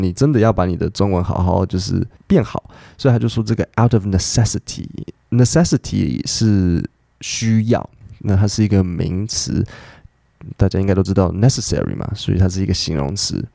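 A man hosting an English-learning podcast, explaining phrases in lively detail and acting out quoted lines. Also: fairly low pitch, a little fast, gravelly, no echo, clean studio sound. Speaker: podcast host teaching English.

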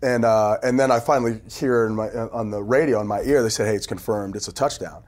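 Low-voiced man telling animated stories. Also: fairly quick. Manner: animated, acts out quotes, laughs often. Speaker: team PR executive telling stories. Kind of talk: casual storytelling on a podcast. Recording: phone interview audio.

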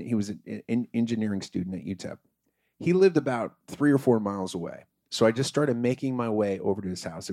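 A man telling a comic story in a loose, profane, animated way, acting out the characters. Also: on the low side, no room sound, clean studio sound. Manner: profane, animated, acts out voices.

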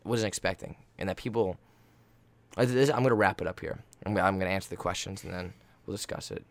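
A young man hosting a podcast, telling rambling stories in a casual way, swearing freely and teasing his co-hosts. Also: deep voice. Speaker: podcast host.

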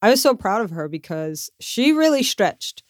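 Animated woman telling a story, dry sound. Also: mid-range voice, moderate pace, no room sound. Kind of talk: casual travel chat.

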